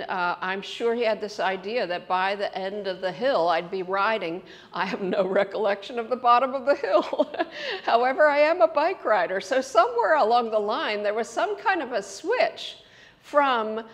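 A middle-aged woman giving a conference talk, telling lively personal stories and breaking into laughter as she explains an idea. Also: medium pitch. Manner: animated storytelling with laughs and loud acted quotes. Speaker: conference speaker. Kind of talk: storytelling lecture.

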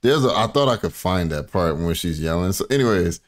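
Low-voiced male streamer riffing on clips. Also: animated, a little fast. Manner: rambling, laughing, cursing while searching clips. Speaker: streamer host. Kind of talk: casual reaction commentary.

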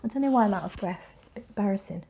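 A woman's voice: medium pitch, animated, rapid-fire, mellow, husky. Woman in her 40s, chatty and bubbly, rambling live-stream perfume talk, lots of restarts. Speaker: fragrance livestream host. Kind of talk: casual live-stream chat reading comments.

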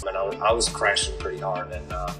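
A man's voice: sits low, little pitch movement, fast talker, over music, rough recording. A man answering interview questions in a casual, rambling way, laughing between stories. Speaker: reality show guest.

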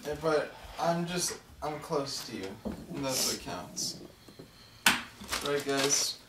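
Give me a relaxed, teasing young man heard from across a roomy, noisy living room. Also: mid-range voice, slow pace, distant mic. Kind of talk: casual home chat. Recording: roomy, off-mic, noisy home video.

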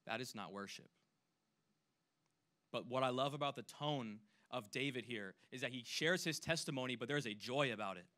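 A man preaching a sermon as a youth pastor, earnest, dropping to a hush and then rising to loud emphasis. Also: mid-range voice, moderate pace. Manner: earnest, swings between hushed and loud emphasis; acts out imagined voices when quoting.

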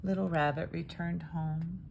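A woman reading a children's picture book aloud in a gentle, expressive storytelling way. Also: fairly low pitch, measured pace, gravelly, slight background noise.

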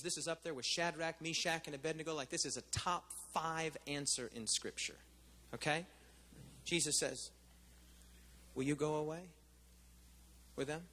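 Male pastor, high and bright voice, casual preaching style, echoing hall. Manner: conversational preaching, asks the crowd questions. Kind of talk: sermon.

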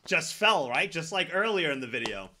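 Lively, excitable man streamer. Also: a little high, moderate pace, very noisy. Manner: chatty, laughs often, exclaims. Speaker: streamer reacting to viewer clips. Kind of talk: casual reaction commentary.

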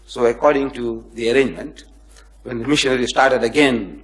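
A man's voice: mid-range voice, brisk. A man giving a public lecture to a live audience, telling anecdotes and acting out the people in them, joking with and chiding his listeners. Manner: animated storyteller who acts out the people in his anecdotes. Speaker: lecturer on comparative religion.

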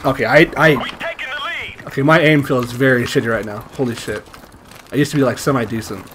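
Over a faint hiss or hum, a young gamer with a mid-range voice speaks a little quickly. He's excitable and swears freely, yelping and laughing through his casual play-by-play of a shooter game.

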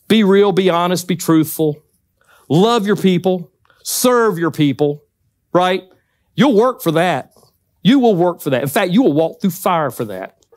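High-voiced Southern preacher, folksy and emphatic. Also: male voice, no echo. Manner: folksy, emphatic, joking asides. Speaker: guest speaker at church. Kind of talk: conversational sermon. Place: church hall.

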